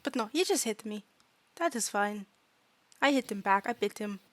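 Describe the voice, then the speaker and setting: A woman voicing a small, timid fairy student who speaks in broken, halting grammar and often drops to a whisper. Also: mid-range voice, expressive, dry recording, lightly acted. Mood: matter-of-fact. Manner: broken grammar, dropped articles, hesitant. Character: tiny timid fairy student, earnest, new to language. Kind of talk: tabletop role-play.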